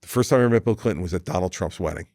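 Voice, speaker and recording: New man in his sixties, podcast guest, a lively raconteur who does the voices, lowish pitch, dry close sound. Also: racing, no room sound. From New Jersey, USA. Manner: animated anecdote teller who acts out quoted people, with frequent restarts. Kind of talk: casual storytelling in conversation.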